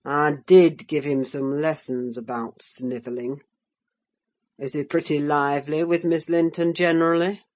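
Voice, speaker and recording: A woman voicing a harsh, menacing middle-aged man who scolds his frail son with gruff scorn, in an audiobook reading. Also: sits low, steady tone, measured pace, pitched below the performer's own voice. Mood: menacing, scornful. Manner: gruff, scornful, growls then bursts into shouts.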